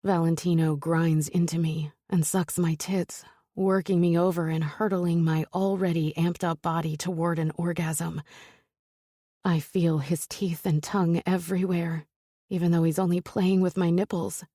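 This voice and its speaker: A woman reads a first-person romance audiobook in a low, mellow voice with a breathy, husky edge. Her delivery is intimate and close, and the studio sound is completely dry. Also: little pitch movement, normal speed, dry recording. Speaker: audiobook narrator.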